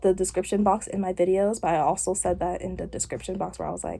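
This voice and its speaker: She speaks fast and steadily in a lowish, creaky, mellow voice, hardly pausing. The young woman is vlogging from the salon chair as her hair gets done, rambling chattily and leaning on lots of fillers.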